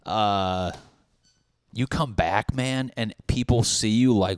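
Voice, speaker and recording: Speaking low at a normal pace with a clean tone, a young podcast host goes on a solo rant in a dry recording. He rambles and riffs, swearing plenty and performing bits of dialogue.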